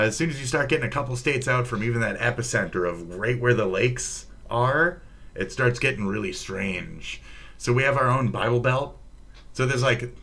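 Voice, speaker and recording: A man's voice: medium pitch, sharp tone. A man from Minnesota with a Minnesotan accent, chatting profanely and rambling on a livestream. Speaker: streamer. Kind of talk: casual livestream chat.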